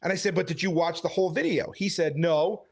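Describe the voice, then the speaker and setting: A man who is a street preacher, retelling a conversation in a casual, animated storytelling way. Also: sits high, fast talker, creaky. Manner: animated storytelling, quoting others.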